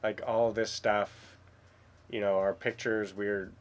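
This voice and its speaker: Man, lowish voice, upbeat casual co-host plugging the business. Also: level tone, takes it slowly, clear, resonant tone. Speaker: co-host of auction livestream. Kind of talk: casual livestream chat.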